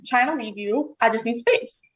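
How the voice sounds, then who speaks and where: A woman's voice: fairly high pitch, normal speed, slight background noise, low-quality recording. A woman co-hosting a podcast in casual chat, assertive and laying out her views point by point. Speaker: podcast co-host.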